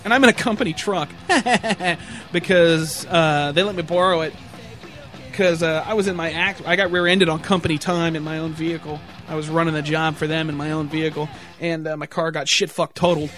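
A man telling a rambling, profanity-heavy road rage story with animated asides, sounding a bit tired. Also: a little high, fairly quick, soft background music. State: tired, yawning.

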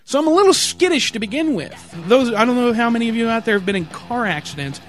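A man telling a rambling, profanity-heavy road rage story with animated asides, sounding a bit tired. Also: very high voice, fast talker, soft background music. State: tired, yawning.

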